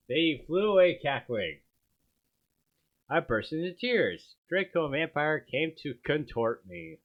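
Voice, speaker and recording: A man's voice: a little high, very animated, unhurried. A man doing a comedic dramatic reading, with sardonic asides and laughter at the text. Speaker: streamer reading aloud. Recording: dull lo-fi stream audio.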